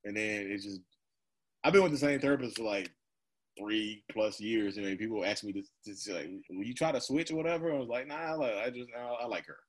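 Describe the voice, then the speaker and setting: A man's voice: on the low side, fairly quick. A man in his thirties talking casually and candidly as an interview guest, rambling, laughing often and acting out his own remarks. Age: 30s. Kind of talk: candid personal conversation.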